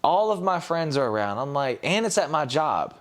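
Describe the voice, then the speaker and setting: A man's voice: on the high side, sing-song, moderate pace. A young man, a podcast guest, telling a personal story candidly and acting out what others said. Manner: candid, retells scenes with quoted voices. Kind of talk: casual storytelling.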